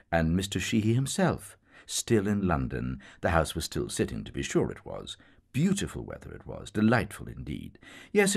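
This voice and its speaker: A man narrating a literary novel in a measured, wry, expressive way. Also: rumbling low, slightly rough.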